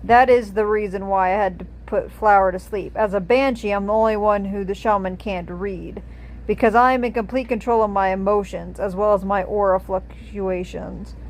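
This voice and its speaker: A woman's voice: mid-range voice, steady tone, moderate pace, a little hiss or hum, lightly acted, low-quality recording. A woman reading aloud and voicing a cold, disdainful female banshee sorceress who talks in a curt, haughty way.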